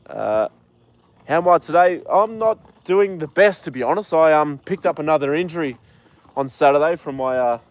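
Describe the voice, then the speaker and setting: A man's voice: a little high, normal speed, no echo. Congested man chatting on a live stream. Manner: relaxed, chatty, talks to the horse between comments. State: congested from a cold. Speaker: live-stream host with his horse. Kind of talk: casual live-stream chat reading comments. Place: outdoors at a horse paddock.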